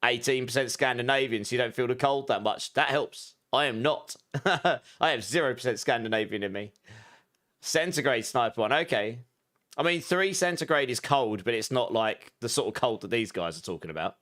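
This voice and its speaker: His voice has a medium pitch and a fairly bright tone. This man, in his thirties and from southeast England with an Essex accent, keeps a chatty live-stream going as he plays a game, reading out what viewers send and tossing in quick asides.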